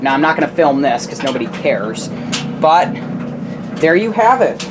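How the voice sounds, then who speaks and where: A man chatting casually while filming at home, narrating in a rambling way with quick asides and self-corrections. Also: mid-range voice, sing-song. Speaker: appliance video creator. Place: home laundry area. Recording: noisy home camera recording.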